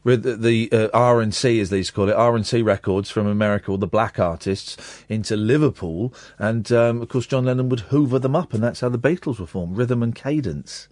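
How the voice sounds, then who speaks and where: A man's voice: mid-range voice, fairly quick, hardly any pauses, darkish tone, no room sound, clean studio sound. A man hosting a late-night radio phone-in, talking casually and jokily, with mock-sincere readings. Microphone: studio microphone.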